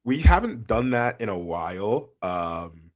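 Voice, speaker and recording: A man's voice: lowish voice, very animated, a little slow, a little mellow. A man co-hosting a sports podcast in casual chat, rambling with many fillers and frequent laughs. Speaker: podcast co-host.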